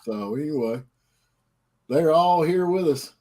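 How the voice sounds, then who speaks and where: A man's voice: on the high side, animated, unhurried, warm tone. A middle-aged man hosting a casual livestream chat, folksy and rambling. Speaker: host.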